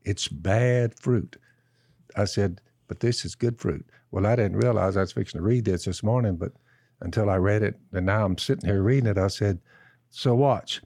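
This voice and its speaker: A man telling a slow, folksy outdoor story and turning it into Bible teaching, repeating "I said" as he goes. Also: lowish voice, a little mellow, dry recording, clean studio sound. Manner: slow, drawn-out storyteller who keeps repeating "I said". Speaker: podcast co-host.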